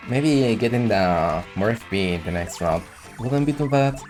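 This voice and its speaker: A man's voice: on the low side, lively intonation, a little slow, darkish tone. A man giving casual, joking commentary while playing a video game, talking to the viewer with self-mocking asides. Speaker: let's play host. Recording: faint game music underneath.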